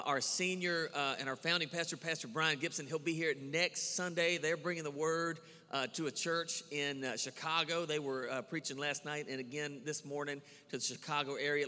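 A male pastor delivers a sermon and prayer to his congregation, earnest and repetitive, often stumbling on "uh" and restarting lines. His voice sits on the higher side for a man. A long church-hall reverb trails after each phrase. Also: steady tone, normal speed, hardly any pauses, bright, forceful tone. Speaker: campus pastor. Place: church sanctuary.

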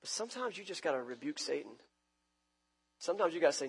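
A man with a high, husky voice preaches a casual, conversational sermon. He acts out quotes, swinging from loud outbursts to quiet asides. His voice rings through the long reverb of a church hall. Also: big pitch swings, fast, pauses often. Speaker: pastor.

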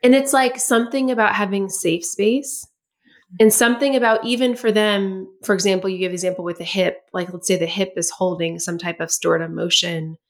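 A woman's voice: medium pitch, steady tone, fairly quick. A woman hosting a podcast, talking reflectively and affirming her guest with frequent "yeah" and "like". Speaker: podcast host. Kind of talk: podcast conversation.

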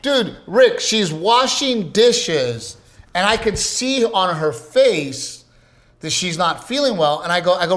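A man in his thirties co-hosting a podcast in casual chat, telling stories and acting out quotes with big jumps in voice. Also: unhurried. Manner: animated storyteller, acts out quotes with big pitch jumps. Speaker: podcast co-host.

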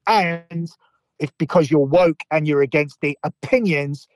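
Male podcast host, slightly high voice on a dry close mic, blunt and defiant, profane rant delivery. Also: unhurried, no echo, rough recording.

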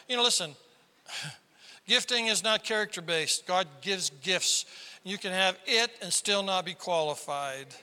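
A man preaching a sermon as pastor, animated and emphatic, with sudden high exclamations. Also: moderate pace, some chatter behind, a little hiss or hum. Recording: long hall reverb.

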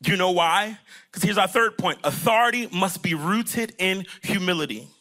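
Bright, high-voiced animated male preacher. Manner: animated preaching, acts out the disciples and Jesus in quick asides. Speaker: pastor. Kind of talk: sermon.

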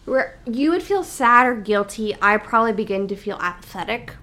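A woman's voice: fairly high pitch, expressive, normal speed, pushed and bright. A woman co-hosting a casual podcast, talking frankly, swearing easily and laughing often. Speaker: podcast co-host.

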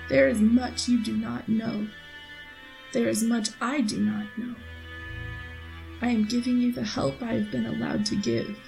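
A woman voicing a calm, sorrowfully wise winged woman who speaks softly and solemnly in a tabletop role-play. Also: on the high side, vocal fry, soft background music, low-quality recording. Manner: soft, solemn and measured.

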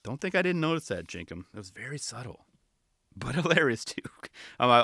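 Animated man with a bright voice. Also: medium pitch, fairly quick, no echo, studio quality. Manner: animated, laughing, frequent "you know" fillers. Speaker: show reviewer. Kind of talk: casual video commentary.

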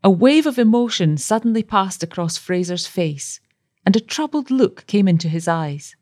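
A woman narrating a story with a measured, expressive reading. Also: mid-range voice, no echo, clean studio sound.

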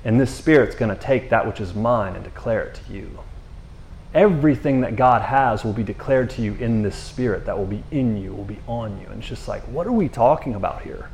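A man's voice: on the low side, brisk, a little mellow, slight background noise. A man giving a casual, conversational sermon, slangy and full of restarts. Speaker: preacher.

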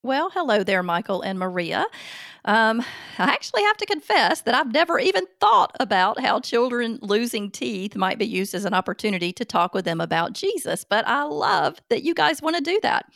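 A woman's voice: fairly high pitch, very animated, normal speed, gravelly, a bit bright, no room sound, studio quality. A woman hosting a podcast and answering listener questions in a chatty, self-deprecating way, with frequent ums. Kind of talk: casual chat.

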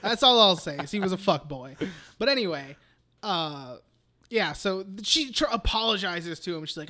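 Bright-voiced man recapping a movie. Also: high-pitched, lively intonation, moderate pace. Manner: profane, rambling retelling with acted-out quotes. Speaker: podcast co-host. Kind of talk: casual chat, recapping a film.

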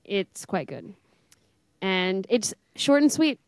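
A woman's voice: medium pitch, very animated, slow, no room sound. A young woman co-hosting a podcast, casual and wry, with offhand teasing remarks. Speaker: podcast co-host. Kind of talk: casual chat.

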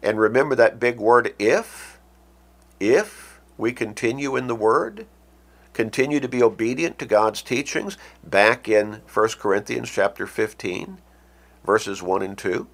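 A man preaching a radio sermon, emphatic and deliberate, quoting scripture. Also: on the low side, animated, fairly bright tone.

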